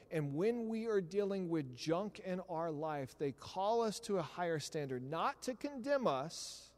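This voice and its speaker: Animated preaching man in a reverberant church. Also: fairly high pitch. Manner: conversational preaching, animated asides. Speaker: pastor. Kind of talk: sermon. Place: church sanctuary. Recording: long hall reverb.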